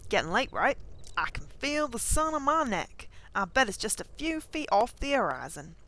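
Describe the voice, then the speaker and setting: A woman's voice: fairly high pitch, very animated, a bit bright. Woman doing a folksy old gas station attendant. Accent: put-on rural truck stop accent. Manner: folksy, unhurried, musing. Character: weary older male gas station attendant. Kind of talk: reading game dialogue aloud.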